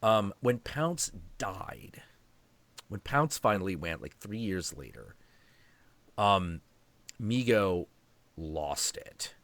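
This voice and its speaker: A man hosting a stream, telling a story in a casual, animated, profane and rambling way. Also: low voice, takes it slowly, long pauses, dry recording.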